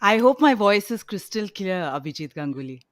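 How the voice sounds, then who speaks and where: A woman's voice: medium pitch, sing-song, a little fast. A woman co-hosting a sports podcast, playful and joking. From India. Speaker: podcast co-host. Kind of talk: casual sports chat.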